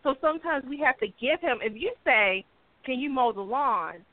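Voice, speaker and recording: A woman's voice: high-pitched, lively intonation, normal speed, no echo. A woman in a casual talk show, chatty and emphatic, often asking if she's understood. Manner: chatty, emphatic, keeps checking listener agrees. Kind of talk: casual podcast chat. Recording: tinny phone-like audio.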